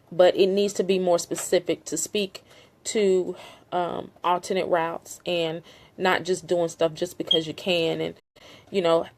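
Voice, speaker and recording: A woman's voice: on the low side, a little mellow. A middle-aged woman making an impassioned, earnest appeal straight to her viewers, emphatic and repetitive with frequent fillers. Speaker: family member speaking out on a land dispute. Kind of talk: impassioned direct-to-camera appeal.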